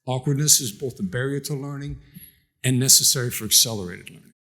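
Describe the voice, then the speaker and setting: A man's voice: mid-range voice, a little fast, sharp tone. A man speaking on a conference stage, coaching the audience and asking them direct questions. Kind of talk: motivational conference talk.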